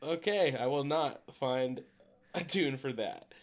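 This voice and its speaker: A man's voice: medium pitch, slow pace. A man co-hosting a podcast in casual comedic chat, teasing his friend and laughing often. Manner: teasing, laughing, swearing freely. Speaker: podcast co-host.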